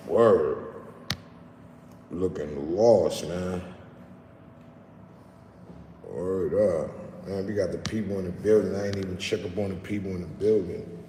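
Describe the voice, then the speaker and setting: A man's voice: deep voice, darkish tone. A man from New York with a New York accent, casually chatting on a livestream in loose street slang and reading out viewer comments. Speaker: livestream host. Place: outdoors in the city, rain starting. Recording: roomy echo with long reverb, faint background noise.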